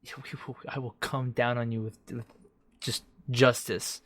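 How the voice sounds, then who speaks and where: A man's voice: medium pitch, flat delivery, moderate pace. A young man co-hosting a podcast, chatting casually, joking and swearing freely. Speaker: podcast co-host. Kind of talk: casual chat.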